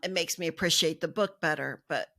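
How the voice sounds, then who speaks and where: A woman's voice: low voice, brisk. An American woman co-hosting a podcast, who speaks in an effusive, grateful way. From United States. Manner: effusive, warm thanks. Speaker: podcast co-host. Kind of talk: casual chat.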